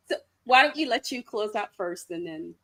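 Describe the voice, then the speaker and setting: A woman's voice: medium pitch, a bit bright. A woman co-hosting a casual chat podcast who talks playfully and laughs often. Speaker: podcast co-host.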